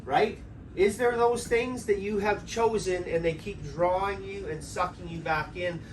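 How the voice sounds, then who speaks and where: A man's voice: high-pitched, fairly even intonation, measured pace. A man preaching an interactive sermon, talking casually with his congregation and often checking in with "right?". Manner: conversational, draws answers from the congregation, tags lines with "right?". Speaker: pastor. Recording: distant mic with faint background noise.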